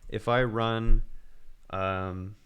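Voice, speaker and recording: A man's voice: lowish voice, fairly even intonation, very slow, a bit bright, clear, resonant tone. A man livestreaming his programming work, thinking aloud in casual commentary and muttering as he goes.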